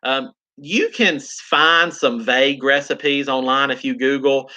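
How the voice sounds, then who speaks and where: A man's voice: mid-range voice, a little slow, sharp tone. A man with a South Carolina Southern accent, chatting casually with viewers on a live stream and answering their comments in an upbeat, drawling way. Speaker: gardening channel host.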